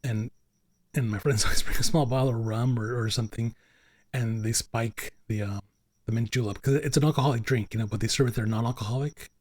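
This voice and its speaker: A man's voice: medium pitch, steady tone, fairly quick, darkish tone, no echo. Man, podcast host, casual chat, rambling, lots of fillers, dry close mic. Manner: rambling, chatty, with frequent fillers and restarts.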